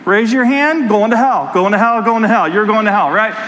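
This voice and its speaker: A pastor delivering a sermon with an animated personal story, talking straight to his congregation. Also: sits high, fairly quick, long reverb tail, a little hiss or hum, poor audio.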